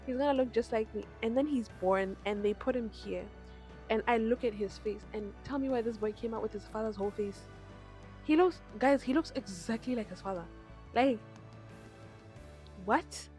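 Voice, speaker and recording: A young woman telling her birth story in a vlog, animated and acting out the people she quotes. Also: on the high side, fairly quick, soft background music. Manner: animated retelling with quoted voices. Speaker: vlogger.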